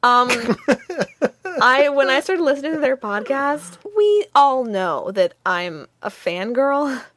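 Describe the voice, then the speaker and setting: A woman's voice: sits high, big pitch swings, slow, fairly bright tone. A young woman with a Minnesotan accent, co-hosting a podcast in casual chat, gushing and giggly with lots of fillers. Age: young adult. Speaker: podcast co-host.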